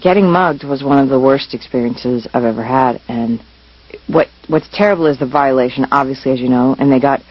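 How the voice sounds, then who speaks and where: A woman doing a dry, deadpan stand-up routine. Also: a bass voice, a little fast, highs cut off. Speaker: stand-up comedian. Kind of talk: stand-up monologue.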